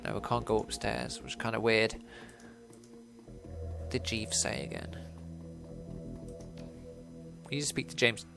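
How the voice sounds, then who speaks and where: A man's voice: medium pitch, level tone, normal speed, vocal fry, pauses often, fairly bright tone, faint music behind. A man casually playing through a video game, reading its text aloud and commenting with swearing and laughter. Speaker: let's player.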